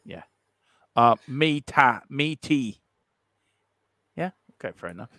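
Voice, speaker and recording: A man's voice: medium pitch, expressive, slow pace, fairly bright tone, no room sound. A man with a Cork Irish accent, co-hosting a live football stream, teasing and laughing through rambling banter full of fillers. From Ireland. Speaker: co-host of a football watchalong stream.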